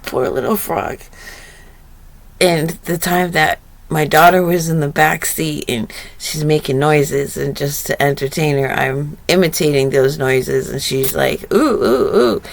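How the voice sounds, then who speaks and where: A woman sharing reflective spiritual stories in a vlog, often breaking into laughter and getting animated as she retells funny moments. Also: unhurried, vocal fry. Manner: animated retelling, rising pitch when excited. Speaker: vlogger.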